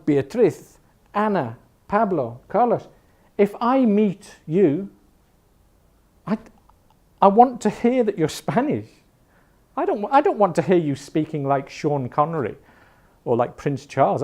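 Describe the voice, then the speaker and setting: A man in his fifties with an educated Northern English accent teaches an online class in a loose, joking way. His voice sits a little high but sounds warm and mellow. He often stops and restarts mid-sentence. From Northern England. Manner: chatty and jokey, with frequent restarts. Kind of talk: informal online class talk.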